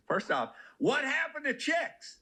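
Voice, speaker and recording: A man hosting a podcast, telling an anecdote in an animated, casual way and acting out the voices in it. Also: extremely high pitch, takes it slowly. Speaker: podcast host. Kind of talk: casual chat with storytelling.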